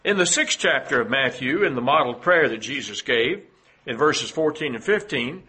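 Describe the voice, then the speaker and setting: A man delivering a sermon in a husky, bright voice. He speaks in a measured way, reads scripture aloud and pauses with the odd "uh". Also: mid-range voice, lively intonation. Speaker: preacher.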